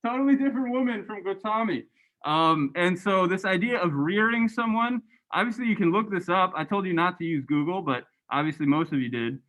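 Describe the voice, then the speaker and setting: A man lecturing a university class and going over graded answers, animated and chatty, often adding "right?". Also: high voice, a little fast, rough recording. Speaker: university religious studies lecturer.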